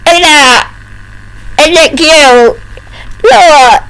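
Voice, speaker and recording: An older woman tells a homespun tale straight to the camera, unhurried and fond. Her voice sits high and carries a gravelly edge. She croons in a sing-song baby talk. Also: poor audio. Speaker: storyteller.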